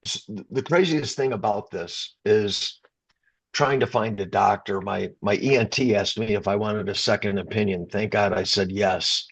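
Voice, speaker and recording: A man's voice: fairly low pitch, moderate pace, husky. A middle-aged man from the Chicago area, a rock singer, telling an emotional story in an interview, stumbling and restarting and getting choked up. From Chicago area, USA.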